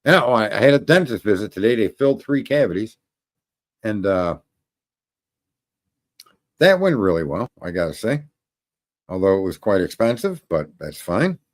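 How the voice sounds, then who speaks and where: A man's voice: lowish voice, big pitch swings, normal speed, pauses often. A man hosting a show, ranting casually and rambling to viewers, swearing often and laughing at his own jokes. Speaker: show host.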